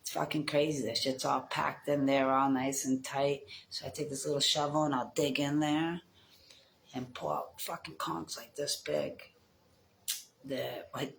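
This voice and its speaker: A woman's voice: deep voice, flat delivery, unhurried, vocal fry, a little hiss or hum, poor audio. A middle-aged woman from the United States, telling stories in a casual vlog in a rambling, profane way and laughing often. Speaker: vlogger. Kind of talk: casual storytelling chat.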